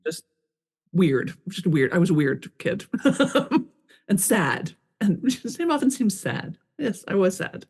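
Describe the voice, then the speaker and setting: A woman's voice: mid-range voice, sing-song, takes it slowly, darkish tone, husky. A woman guest on a podcast, an author, talking candidly and expressively, acting out her own thoughts in quoted asides. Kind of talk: conversational interview.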